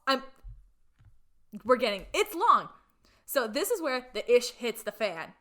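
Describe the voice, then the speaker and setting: A woman's voice: on the high side, very animated, measured pace, bright, forceful tone. A young woman co-hosting a podcast, retelling a film plot in a chatty way with lots of fillers and acted-out lines. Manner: chatty, filler-heavy, acts out characters' lines. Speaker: podcast co-host.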